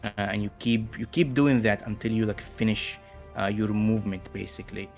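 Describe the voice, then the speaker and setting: A man narrating as game master of a tabletop game, relaxed and full of fillers. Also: fairly low pitch, moderate pace, gravelly, faint music behind.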